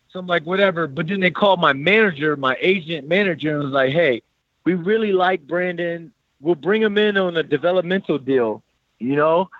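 A man in his thirties casually telling a personal story, animated and acting out what others said. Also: a little high, a little fast, no echo, narrow, tinny audio. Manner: animated, quotes people in lively voices.

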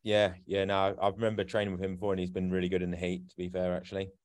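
A man's voice: low voice, completely flat delivery, very fast, no room sound. A man, a podcast guest chatting casually, laughing often and swearing freely. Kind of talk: casual chat over a call.

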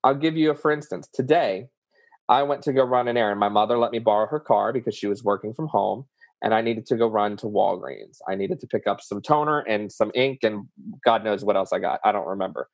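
A man with a Southern US accent, fairly low-pitched and fairly quick with vocal fry, speaks earnestly and emotionally as a guest. On a recording with no echo, he candidly discusses emotions and shares vivid personal examples.

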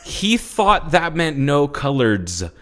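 A man co-hosting a podcast, with a casual chat style and a bright, forward tone. He tells stories with lively ups and downs in pitch, laughs often and swears freely. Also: slow. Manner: animated storyteller, laughs often. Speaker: podcast co-host.

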